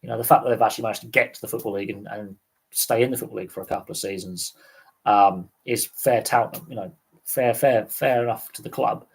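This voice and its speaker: Fast-talking and steady in tone, this man has a lowish, gravelly, husky voice. He's hosting a casual livestream and has been talking for hours, so his voice is going as he rambles along, full of fillers and false starts.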